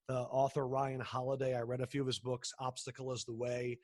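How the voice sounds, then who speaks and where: A man in his thirties, recorded close and dry, talks in a mid-range voice. He tells casual stories as an interview guest, animated and quick to act out other people's lines, often restarting his sentences. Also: mid-range voice, dry recording. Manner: animated, acts out quoted people, frequent restarts. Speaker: sports broadcaster, interview guest.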